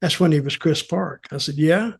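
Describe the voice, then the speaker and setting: An older man spins a casual story, his voice sitting fairly high. He retells conversations animatedly, acting out the quotes and chuckling as he goes. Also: steady tone, a little fast, gravelly, slightly rough. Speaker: storyteller and show guest.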